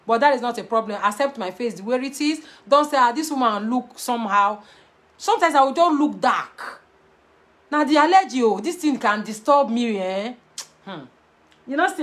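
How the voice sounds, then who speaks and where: A woman with a Nigerian Pidgin English accent, talking straight to camera in a blunt, animated way and mixing Pidgin with English. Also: fairly high pitch. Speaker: vlogger giving marriage advice. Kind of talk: casual to-camera talk.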